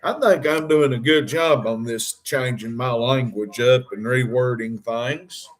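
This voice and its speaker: A man's voice: mid-range voice, a little slow. A man rambling on a livestream, calling out to his viewers and joking. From Harlan County, Kentucky. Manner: rambling, addresses viewers directly, jokey. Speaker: livestream host. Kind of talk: rambling livestream talk to chat.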